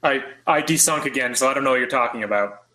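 Bright-voiced man, laid-back jokes. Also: mid-range voice, fast talker, low-quality recording. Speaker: movie riff co-host. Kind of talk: casual movie commentary.

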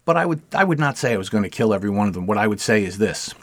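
Male podcast host, deep-ish voice, dead dry sound, forceful opinion talk. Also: sing-song, racing, dry recording. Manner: emphatic, repeats words when stressing a point. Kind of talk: opinionated political commentary.

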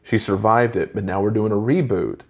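Low-leaning, with vocal fry and a darkish tone, a man in his forties reviews a movie alongside a co-host. It's casual chat, but he's opinionated and ranting, with quick asides thrown in.

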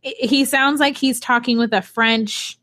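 A young woman and single mother chatting casually as a podcast co-host, telling animated stories. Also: on the high side, a little slow. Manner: chatty, animated storyteller with laughs. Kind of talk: casual chat.

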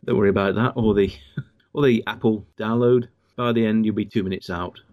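A man's voice: fairly low pitch, steady tone, fairly quick, no room sound, highs cut off. Chatty man hosting a watch-along. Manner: chatty, chuckling, reads out episode trivia. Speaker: podcast host. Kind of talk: casual commentary while watching an episode.

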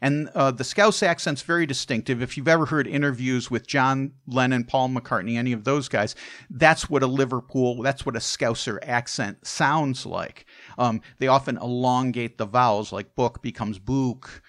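A male podcast host who spins stories in an easygoing, conversational way, tossing in chatty asides as he goes. His voice sits at an ordinary middle pitch. It is recorded close on the mic with a dry, roomless sound. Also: moderate pace, a bit bright, no echo. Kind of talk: casual storytelling narration.

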